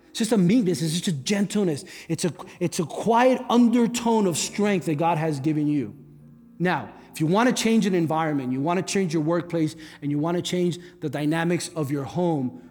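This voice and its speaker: Male guest pastor, higher register, conversational sermon with jokes; long hall reverb, faint music under. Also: darkish tone. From Cuba. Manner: conversational, joking asides. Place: church hall.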